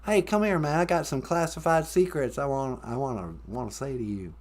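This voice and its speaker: A man's voice: mid-range voice, fairly quick, pitched below the performer's own voice, lightly acted. A man doing a comedy impression of a rambling, stammering ex-president cowboy with a drawl. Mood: folksy. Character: folksy boastful ex-president cowboy, male.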